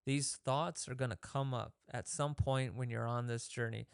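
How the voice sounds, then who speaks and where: A man's voice: mid-range voice, fairly even intonation, moderate pace, gravelly, clear, resonant tone, no room sound, clean studio sound. A man hosting a fitness show, coaching in a casual, conversational way and acting out people's inner thoughts, with frequent restarts. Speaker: fitness podcast host. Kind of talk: casual motivational talk.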